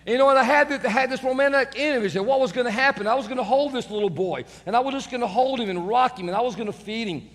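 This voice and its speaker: A middle-aged man preaches to his congregation, with a light, self-mocking storytelling manner. His voice sits high for a man. A long reverb trails after his words, from a large church sanctuary. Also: fast, few pauses, a bit bright. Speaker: pastor. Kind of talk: sermon.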